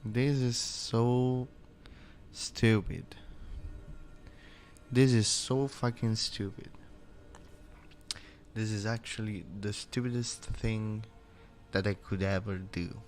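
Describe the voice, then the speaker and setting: A man on a live stream, talking slowly in frustrated mutters, swearing and sighing. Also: on the low side, fairly even intonation, faint music behind. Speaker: maker streamer.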